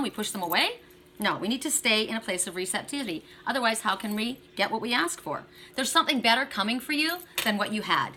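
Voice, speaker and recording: A middle-aged woman giving an oracle card reading, speaking in a bright, forward voice. She is chatty and encouraging, talking straight to her viewers. A faint hum of room ambience sits behind her. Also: mid-range voice. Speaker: tarot and oracle card reader.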